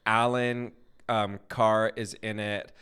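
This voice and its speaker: A man co-hosting a podcast, chatting casually and excitedly about TV shows and acting out funny quotes. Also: slow pace, clean tone. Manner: animated, gushing, acts out quotes in high voices. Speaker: podcast co-host. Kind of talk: casual pop culture chat.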